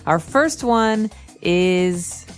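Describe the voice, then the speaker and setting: A woman co-hosting an English lesson, explaining vocabulary clearly with examples. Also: lowish voice, expressive, extremely slow, soft background music. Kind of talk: casual teaching chat.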